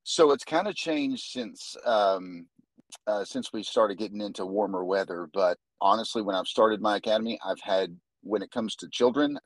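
A man with a fairly low voice, guest on a casual podcast, explaining martial arts to the host. He tells stories animatedly, restarting phrases as he goes, and the sound is dry with no room echo. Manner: animated storyteller, many restarts. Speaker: jiu-jitsu instructor, guest.

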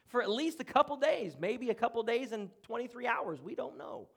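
A man pastor preaching a sermon in a church room, earnest, with dramatic pauses and drops to a hush. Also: very high-pitched, expressive, vocal fry, breathy edge. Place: church room, speaking from the front.

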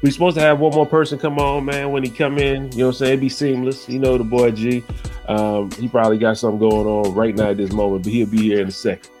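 A man's voice: medium pitch, little pitch movement, fast, a little mellow, faint music behind. A man hosting a podcast in loose, rambling casual chat, peppered with "you know what I'm saying" and getting heated when he rants. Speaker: podcast host.

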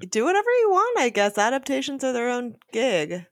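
Animated woman making wry remarks. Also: sits high, a little fast, dry recording, studio quality. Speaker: podcast co-host. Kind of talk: casual book discussion chat.

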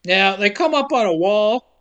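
A woman's voice: mid-range voice, animated, moderate pace, fairly bright tone, lo-fi sound. A woman hosting a podcast, retelling a movie plot with sarcastic asides and frequent laughter. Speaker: podcast host. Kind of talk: casual movie recap narration.

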